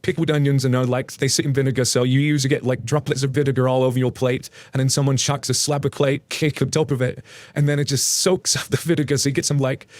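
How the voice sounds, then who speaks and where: With a medium-pitched voice and no echo, a British man from the United Kingdom casually reads out Reddit posts. He keeps it chatty, cracking jokes and laughing often.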